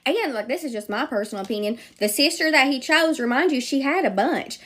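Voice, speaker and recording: A woman's voice: high voice, animated, fast, a bit bright, a little hiss or hum. A woman sharing a blunt personal opinion in a casual, chatty way, teasing and amused. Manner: chatty, teasing, laughs at herself.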